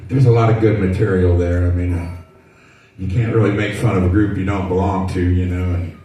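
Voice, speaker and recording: A man's voice: deep voice, steady tone, fairly quick, warm tone. A man in his sixties doing a stand-up routine in a dry, rambling storytelling way. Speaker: stand-up comedian. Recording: echoey venue, mic from far off, faint noise.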